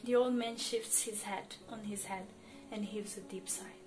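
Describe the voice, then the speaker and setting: A woman's voice: mid-range voice, steady tone, measured pace. A woman reading fan fiction aloud, narrating expressively with emotion. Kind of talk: dramatic story reading. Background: soft music.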